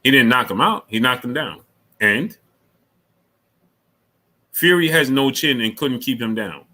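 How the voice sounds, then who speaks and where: A middle-aged man hosting a casual live stream, reading super chats, repeating himself and climbing high when he argues. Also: a little slow, rough recording. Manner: animated, repeats himself, rises sharply when arguing.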